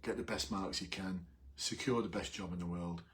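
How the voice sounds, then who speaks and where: A middle-aged man, telling a police story in an animated, emphatic way on a live video. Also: sits low, moderate pace, a little hiss or hum. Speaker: police recruitment coach, former officer.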